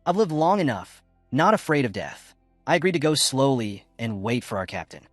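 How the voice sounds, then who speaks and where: Guy reading as a blunt old lady refugee, swings all over in pitch, dry close sound. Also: big pitch swings, moderate pace, dry recording, faint music behind. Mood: scolding. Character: feisty old woman refugee, blunt and fearless.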